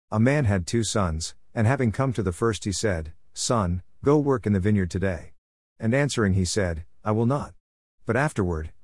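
Low-voiced man reading scripture aloud. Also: darkish tone, dry recording, studio quality. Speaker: scripture reader.

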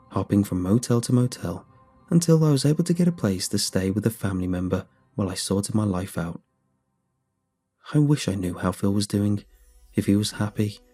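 Low, husky male horror narrator. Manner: steady, measured, first-person storytelling. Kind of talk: scripted horror story narration.

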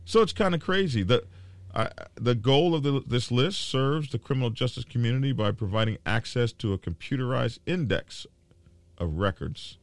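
A man hosting a biker news show, talking casually to his viewers in a halting, indignant way with many fillers and repeated words. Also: mid-range voice, dry recording. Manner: worked up and indignant.

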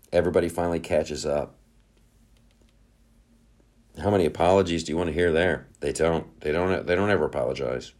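A man with a deep, low voice talks in a loose, casual monologue. His pitch swings widely as he gets animated, and he drops profanity while riffing. He keeps breaking into quick put-on voices.

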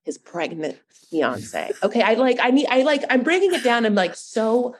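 A young woman hosting a podcast, recapping a reality show in an animated, gossipy chat full of fillers. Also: a little high, moderate pace, slight background noise. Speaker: podcast host.

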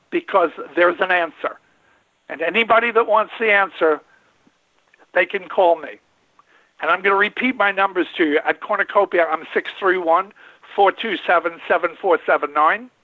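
High-voiced and moderately paced, this seventies-aged radio host and vet leaves long pauses as he rambles in a folksy way. He stresses points by repeating them, and the audio is tinny like a phone line, with no echo.

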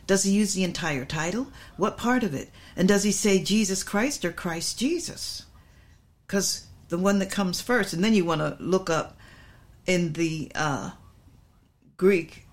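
Emphatic woman preaching a sermon. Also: medium pitch. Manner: emphatic, repetitive, drawn-out stresses. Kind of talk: sermon teaching.

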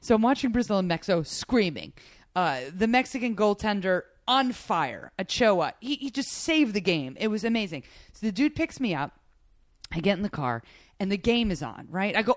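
A woman comedian hosting a casual chat, telling an animated, excitable story with many restarts. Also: medium pitch, fairly quick, no room sound, clean studio sound. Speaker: comedian podcast host.

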